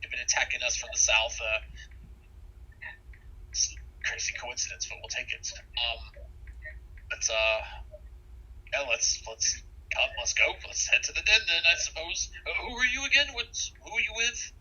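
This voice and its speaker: A man voicing a suspicious crusader soldier in a tabletop game, commanding and gruff. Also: mid-range voice, expressive, normal speed, long pauses, pushed and bright, lo-fi sound, exaggerated voice. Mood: wary. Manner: commanding, barking orders.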